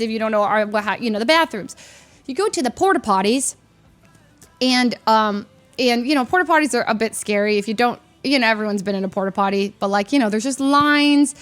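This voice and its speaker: A woman streamer telling stories in casual chat, animated and full of restarts, her voice a little worn from screaming. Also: high voice. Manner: animated storytelling with lots of restarts and acted quotes.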